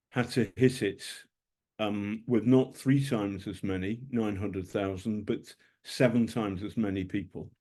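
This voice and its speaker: A man's voice: on the low side, dark tone. A British man speaking as a guest journalist to students over a video call, telling stories emphatically with dry humor and frequent ums. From Britain.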